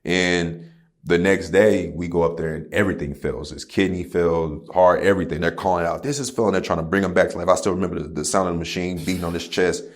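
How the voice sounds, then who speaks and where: Deep-voiced man telling his story candidly. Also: steady tone, quick pace. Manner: candid, profane storytelling with slang like "bro" and "you feel me". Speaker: podcast guest, rapper. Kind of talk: casual conversation.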